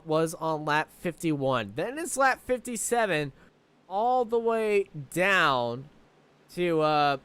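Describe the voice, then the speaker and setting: High bright excitable race commentator man. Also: clean tone. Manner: excitable, shouts at big moments. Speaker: play-by-play commentator. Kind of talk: live sim racing commentary.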